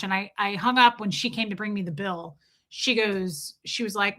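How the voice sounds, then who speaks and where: A woman's voice: mid-range voice, moderate pace, sharp tone. A woman with a Northern US accent chatting casually as a podcast host, rambling and restarting her sentences. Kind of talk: casual chat.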